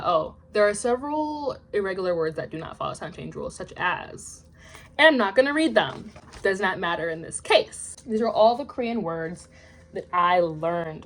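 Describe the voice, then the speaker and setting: A young woman reading out study notes in a casual vlog, chatty and self-deprecating, her asides trailing off into quiet mumbles. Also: on the low side, lively intonation, moderate pace. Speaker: language learner vlogger.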